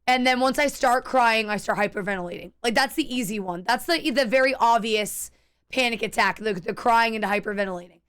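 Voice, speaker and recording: A woman's voice: on the high side, a little fast, fairly bright tone, smooth. A young adult woman streaming a game, chatting candidly with viewers in a rambling way, restarting sentences and swearing freely. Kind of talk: casual chat while gaming.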